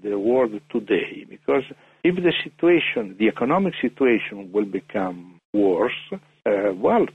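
Man, gravelly husky voice, halting with fillers, tinny dry phone line. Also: mid-range voice, no room sound. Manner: hesitant, many fillers and restarts. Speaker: interview guest. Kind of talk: phone interview.

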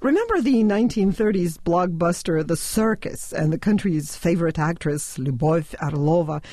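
A woman co-hosts a radio talk show, her pitch rising and falling as she tells stories. She sounds lively and animated. The recording is dry and close, with no room sound. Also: normal speed, no echo. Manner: lively, laughs often, animated storytelling. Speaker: radio co-host. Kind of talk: casual radio chat. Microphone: studio microphone.

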